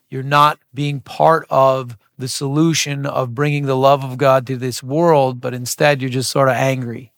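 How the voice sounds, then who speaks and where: A man giving a sermon, telling a story in a relaxed, conversational way and acting out the characters' lines. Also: mid-range voice, no echo, clean studio sound. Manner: conversational storytelling, acts out quotes. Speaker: pastor.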